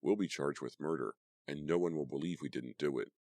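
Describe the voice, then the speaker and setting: A man voicing a blunt, practical teenage boy in a flat, matter-of-fact way. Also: a bass voice, brisk, no room sound, clean studio sound. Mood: grim.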